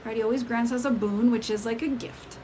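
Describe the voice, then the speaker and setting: A woman telling a personal story on a casual live stream. She retells it in an animated way and jumps up in pitch when she acts out the people in it. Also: a little fast, slight background noise, low-quality recording. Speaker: spiritual storyteller. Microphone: phone mic on a live stream.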